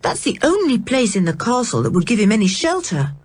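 A woman reading a storybook, voicing a brisk, matter-of-fact boy. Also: a little high, big pitch swings, a little mellow, breathy edge, no room sound, pitched above the performer's own voice.

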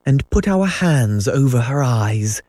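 A man puts on an eager, slightly bossy storybook boy, quick to exclaim. The voice is raised above the reader's own and sounds dry and close. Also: mid-range voice, animated, mellow, no room sound, voice pushed up.

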